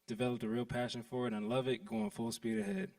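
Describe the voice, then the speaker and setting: Male seminar attendee reading an offer letter, steady delivery, distant mic. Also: mid-range voice, quick pace, gravelly. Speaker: seminar participant pitching an offer. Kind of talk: reading a letter of intent aloud. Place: event stage before an audience.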